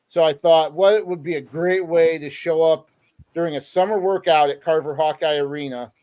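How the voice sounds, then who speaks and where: A man's voice: a little high, steady tone, moderate pace, darkish tone. A man hosting a sports podcast, telling stories in a chatty way with lots of fillers. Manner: chatty storyteller with many fillers. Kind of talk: casual podcast interview.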